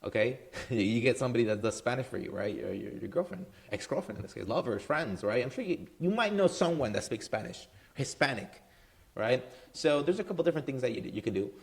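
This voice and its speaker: Speaking directly to the camera, a marketing business owner offers casual advice in a relaxed, chatty style, peppered with "um"s and a questioning "right?" after his points. He has a medium-pitched, animated voice with vocal fry and a brisk delivery.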